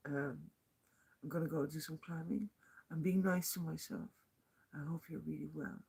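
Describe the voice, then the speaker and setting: A woman's voice: low-pitched, fairly even intonation, moderate pace, gravelly, a little mellow, slightly rough. A woman recording a casual video diary as a walking pilgrim, talking in a rambling, heartfelt way with many fillers and restarts.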